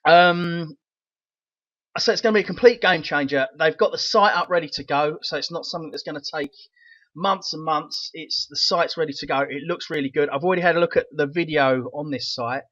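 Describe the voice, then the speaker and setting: A middle-aged man with a London Cockney accent talks eagerly with a rattly voice, padding his lines with fillers. His voice sits fairly high for a man. The recording is dry and dull, as if on a cheap mic. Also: a little fast, fairly bright tone, dry recording. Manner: enthusiastic, rambling with fillers. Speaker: crypto channel host. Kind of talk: casual vlog review.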